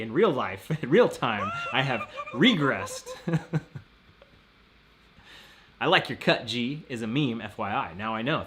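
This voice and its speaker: A man's voice: medium pitch, a bit bright, a little hiss or hum. A man hosting a casual live stream, rambling and laughing often as he reads out viewer messages.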